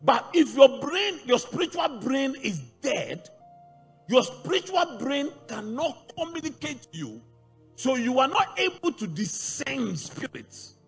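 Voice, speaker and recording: A man preaching a sermon to a congregation, animated and rising into shouts. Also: very high-pitched, measured pace, creaky, breathy edge. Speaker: pastor. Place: large church hall. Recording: church hall reverb with faint music.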